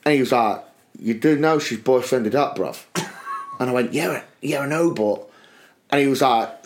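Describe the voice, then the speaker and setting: A man's voice: medium pitch, normal speed. A British man co-hosting a podcast, telling a long personal anecdote in casual chat and often breaking into laughter. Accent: British English. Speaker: podcast co-host.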